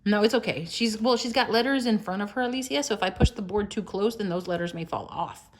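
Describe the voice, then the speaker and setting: A woman's voice: medium pitch, fast, slight background noise. A young mother encouraging her toddlers at the table at home, cheerful and sing-song, sometimes dropping to a whisper. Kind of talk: casual home video with children.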